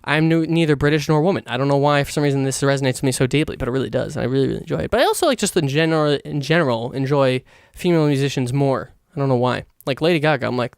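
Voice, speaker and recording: A young man hosting a solo podcast, rambling excitedly in a casual monologue and swearing a lot. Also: medium pitch, rapid-fire, hardly any pauses, clear, resonant tone, dry recording, clean studio sound. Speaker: podcast host.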